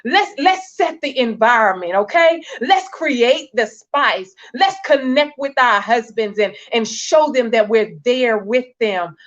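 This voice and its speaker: A woman's voice: a little high, expressive, slow pace, few pauses, muffled recording. A woman marriage coach giving a faith-based talk to wives, earnest and exhorting, often repeating phrases for emphasis.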